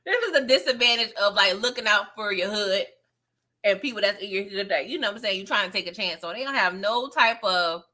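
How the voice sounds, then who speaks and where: A woman's voice: medium pitch, a little fast, bright, forceful tone. A woman hosting a casual live recap of a TV episode. She laughs often, uses plenty of slang, and speaks straight to her viewers.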